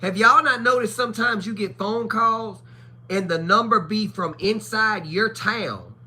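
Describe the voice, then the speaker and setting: A woman's voice: medium pitch, a little slow, bright, forceful tone, husky. A woman chatting casually on a livestream, telling blunt, profane stories and acting out the voices of people she quotes. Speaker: livestream co-host. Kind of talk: casual chat.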